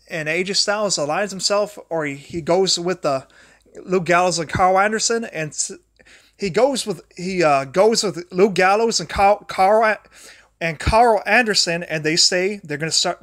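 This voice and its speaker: A young man with a high voice hosts his own livestream. He talks in a loose, rambling way, often trailing off and starting sentences over. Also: normal speed, fairly bright tone, no echo, studio quality. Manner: rambling, restarts and repeats words often; grumbles at a failing charger mid-talk. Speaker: livestream host. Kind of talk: rambling solo livestream talk.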